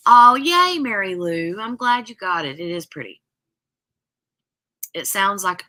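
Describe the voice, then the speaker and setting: Slow-talking, bright-voiced woman. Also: medium pitch, sing-song. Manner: chatty and rambling, full of "like" and "um". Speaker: craft live-stream host. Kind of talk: casual live-stream chat, answering viewers.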